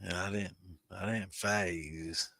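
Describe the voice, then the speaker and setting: A deep-voiced man in his sixties rambles through a casual livestream, swearing freely and calling out his viewers by name. His tone is bright and forceful, and the sound is dry and close, with no room around it. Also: fairly even intonation, takes it slowly, creaky, no echo. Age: 60s. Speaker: host of a moonshine livestream.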